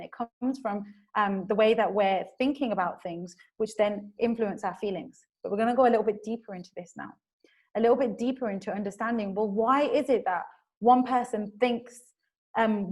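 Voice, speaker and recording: A woman presenting a webinar on emotions at work, talking it through conversationally with frequent fillers. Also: on the high side. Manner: acts out people's reactions in quoted voices. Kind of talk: explanatory webinar talk.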